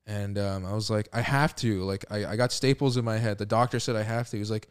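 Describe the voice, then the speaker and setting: A young man telling a long story in a casual podcast chat, relaxed, swearing and saying "like" often. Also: lowish voice, quick pace, clear, resonant tone. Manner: laid-back, swearing, heavy use of "like". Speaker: podcast co-host.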